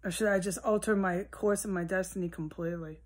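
A woman rambling alone at home in a solo monologue, swearing often and drifting between low mutters and heated outbursts. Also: steady tone, fairly quick. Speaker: vlogger. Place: at home, indoors with a window open.

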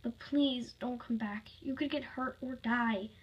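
A woman's voice: a little high, steady tone, a little slow, husky, lo-fi sound. A woman voicing a worried girl trapped inside an animatronic suit, explaining earnestly and pleading.

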